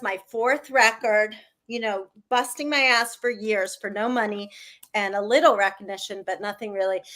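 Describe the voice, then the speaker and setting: A middle-aged woman, a guest musician, telling stories in a casual, rambling interview with lots of "like" and animated asides. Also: medium pitch. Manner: rambling, heavy use of "like", animated.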